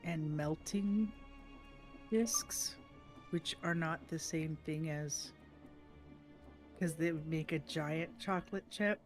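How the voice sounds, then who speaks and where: A woman's voice: sits low, slow, pauses often, faint music behind. A woman hosting a livestream, chatting casually and rambling while eating dinner. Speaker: livestream host. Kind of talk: casual chat while gaming over dinner.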